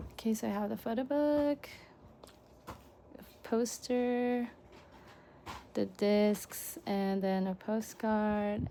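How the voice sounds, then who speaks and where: Young woman vlogger, slow gushing unboxing talk, mellow low-lit tone. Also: vocal fry, slight background noise. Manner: gushing, excitable, lots of gasps and exclamations. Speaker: vlogger unboxing fan merchandise. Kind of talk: casual unboxing chat.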